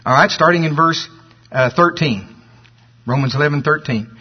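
A man preaching a sermon, reading scripture slowly and stressing key words, turning animated when he makes a point, from a dull old sermon tape. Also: on the high side, slightly rough.

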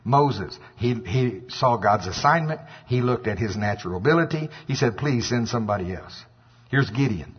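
A man preaching a sermon, animated and acting out scripture voices, with a husky voice. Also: medium pitch, moderate pace. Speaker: pastor. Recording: dull lo-fi with long hall reverb.

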